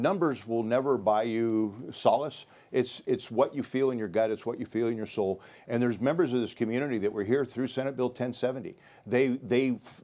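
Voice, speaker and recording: A man's voice: medium pitch, a little mellow. An older man answering in a political debate, earnest and thinking aloud, sometimes repeating words as he searches. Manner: earnest, repeats words while finding them. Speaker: sheriff candidate.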